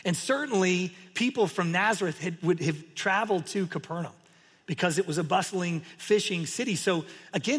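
A man preaching a sermon as pastor, telling the story in an animated way and acting out the crowd's reactions. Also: sits high, normal speed, breathy edge. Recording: long hall reverb.

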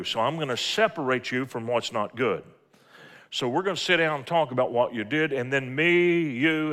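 A man's voice: mid-range voice, fairly bright tone. A middle-aged man preaching a sermon, telling folksy stories from family life and quoting scripture. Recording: long hall reverb.

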